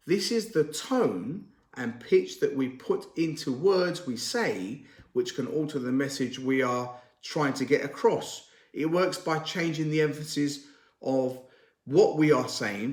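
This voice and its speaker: A man who trains garage staff, giving a measured, deliberate talk to camera and stressing key words as he explains. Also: fairly high pitch. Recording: roomy echo.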